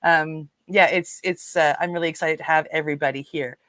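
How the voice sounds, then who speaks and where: The livestream host here has a low-pitched, slightly bright voice with a steady tone and a brisk pace, and there's no echo. Speaking with a Newfoundland accent, she casually chats with viewers and reads their comments out, using many fillers.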